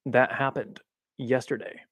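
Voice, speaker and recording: A man's voice: medium pitch, fairly even intonation, measured pace, husky, no room sound. Rambling man chatting on a dry mic. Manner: rambling, filler-heavy, self-mocking with frequent laughs. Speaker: livestream host. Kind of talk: casual spiritual chat. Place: home room, seated in a swivel chair. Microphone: boom-arm mic.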